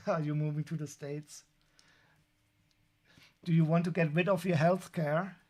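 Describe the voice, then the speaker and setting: A man with a German accent talks casually on a live stream, and his voice sits a little higher than most men's. He rambles wryly, restarting his sentences and filling gaps with uh and um as he unpacks boxes. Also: steady tone, measured pace, mellow. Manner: wry, rambling, many restarts and fillers. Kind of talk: casual live-stream chat while unboxing.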